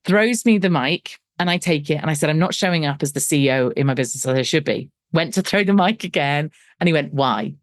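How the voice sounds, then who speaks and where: A woman's voice: low voice, lively intonation, fairly quick, few pauses, no echo, studio quality. A middle-aged woman, a business coach interviewed as a guest, telling her story animatedly and acting out the dialogue with self-deprecating humour. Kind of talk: conversational storytelling.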